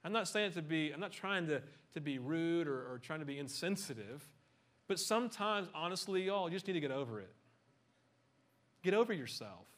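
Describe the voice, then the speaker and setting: A middle-aged man preaching a conversational sermon, animated and full of joking asides. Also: fairly high pitch, a little fast. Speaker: pastor.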